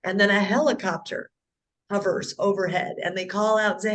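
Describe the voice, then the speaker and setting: A woman's voice: medium pitch, brisk, a bit bright. A woman telling her conversion story in an interview, earnest and emotional, often repeating and restarting her words. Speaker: interview guest. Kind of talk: personal conversion testimony.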